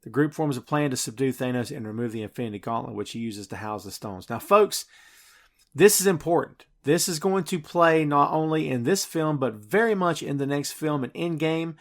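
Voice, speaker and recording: A man's voice: a little high, lively intonation, moderate pace. A man hosting a podcast and recapping a film scene by scene in casual, enthusiastic chat full of fillers. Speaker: podcast host.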